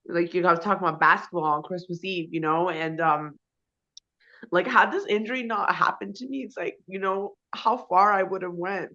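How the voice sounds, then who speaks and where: A woman with a bright, forceful voice rambles through her answers as an interview guest, loaded with fillers and swearing. The audio is dull and lo-fi. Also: medium pitch. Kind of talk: casual conversation.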